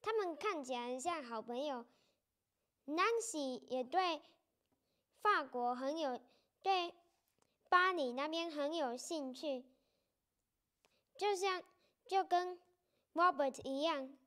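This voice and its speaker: This high-voiced storybook reader and English teacher sounds animated, pushed and bright as she reads a picture book aloud with explanations. She goes slowly and deliberately, saying sentences again for learners.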